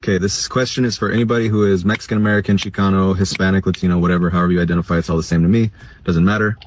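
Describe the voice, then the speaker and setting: A man's voice: fairly low pitch, no room sound. A man in a vlog putting a direct, no-nonsense question to his viewers.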